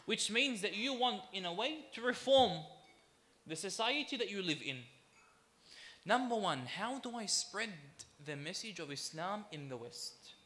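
A man preaching in a high, bright voice. He leans on repetition and slows down to hammer home his key phrases. He speaks to the congregation as brothers and sisters. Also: animated. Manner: emphatic, with deliberate repetition; addresses the audience as brothers and sisters. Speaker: sheikh giving a religious talk. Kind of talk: sermon.

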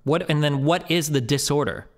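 A man's voice: a little high, normal speed. A man streamer arguing heatedly, swearing freely and filling his talk with "like". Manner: argumentative, swears freely, full of "like". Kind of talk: heated debate.

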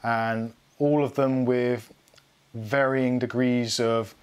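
A man's voice: medium pitch, level tone, slow pace, clean tone. A middle-aged man hosting a live tech stream, rambling and self-mocking as he goes through his tools. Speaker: tech channel host. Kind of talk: casual live unboxing chat.

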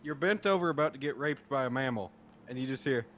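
A man's voice: medium pitch, fast. Crude laughing young man in voice chat. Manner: crude, laughing, animated storyteller. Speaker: teammate in an online racing session. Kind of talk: joking banter over voice chat.

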